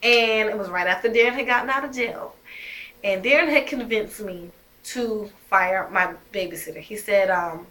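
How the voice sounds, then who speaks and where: A woman's voice: mid-range voice, normal speed, a bit bright. A young woman telling her own story as a mother, emphatic and heated, swearing often. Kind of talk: emotional personal storytelling.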